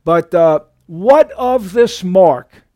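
Man, pastor, high voice, dry close sound, emphatic sermon delivery. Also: lively intonation, drawn-out words, darkish tone, dry recording. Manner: emphatic preaching that rises sharply in pitch for emphasis.

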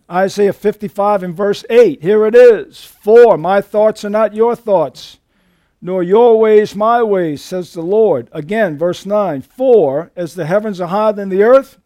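A man preaching a sermon to a church congregation, emphatic, swinging between loud outbursts and hushed asides. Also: sits high, dry recording, clean studio sound. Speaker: pastor. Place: church sanctuary.

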